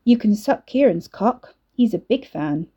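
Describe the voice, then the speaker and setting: A woman's voice: medium pitch, lively intonation, a little slow, mellow, husky, highs cut off. A woman voicing a giggly, taunting teenage girl bully who mocks and snaps. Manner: giggling, mocking, snappish.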